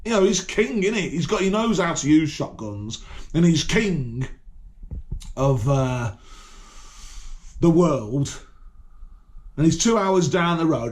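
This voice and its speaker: A man's voice: on the high side, expressive, measured pace, darkish tone. Profane rambling man with a Birmingham accent. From Birmingham, England. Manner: rambling, profane and combative, repeats words and restarts. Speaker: vlogger. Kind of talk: casual to-camera monologue.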